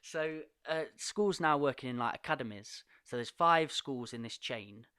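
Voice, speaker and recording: A man tells a story on a podcast in an animated, casual way, laughing often. His voice is bright and forward, recorded close and dry, with no room sound. He speaks at a middle pitch. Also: moderate pace, clean tone, no echo. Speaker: podcast guest, poet and coach.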